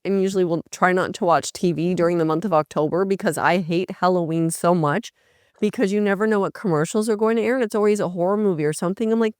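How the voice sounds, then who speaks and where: A woman's voice: lowish voice, quick pace, a little mellow, no echo, studio quality. A woman co-hosting a casual sports podcast, chatty and self-mocking. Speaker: podcast co-host.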